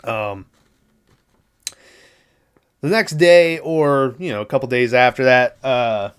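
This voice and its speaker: Taking it slowly in a smooth, medium-pitched voice, this podcast host walks through a movie's story on his own. The recap is casual, rambling, and profane, with characters' dialogue performed in quoted voices.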